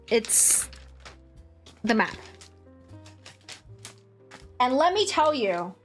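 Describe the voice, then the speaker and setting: A young woman streamer chatting casually, telling a story with animated swearing and acted-out quotes. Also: a little high. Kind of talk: casual chat.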